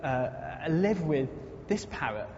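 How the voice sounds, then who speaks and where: A man's voice: on the high side, big pitch swings, slow pace, darkish tone. A man preaching a conversational sermon in a church, earnest and storytelling, building to emphatic repetition. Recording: echoey muffled hall recording, faint noise.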